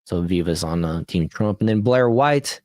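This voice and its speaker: Male podcast host, low voice, casual commentary reading posts, laughs a lot, fumbles and restarts, dry close sound. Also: lively intonation, moderate pace, a little mellow, no echo. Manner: laughs often, restarts and corrects his reading.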